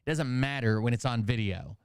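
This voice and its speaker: A man's voice: medium pitch, fairly quick, clear, resonant tone, no echo, clean studio sound. A man hosting a commentary channel, talking casually in a rambling, profane, conversational way.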